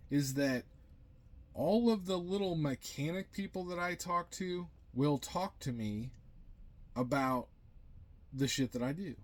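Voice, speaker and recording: A man's voice: a little high, expressive, measured pace. A young man venting in a blunt, profane, rambling monologue to camera. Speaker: vlogger.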